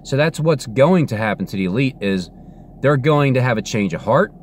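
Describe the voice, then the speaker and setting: A man's voice: mid-range voice, expressive, moderate pace, a little hiss or hum. Insistent man preaching in a rambling monologue.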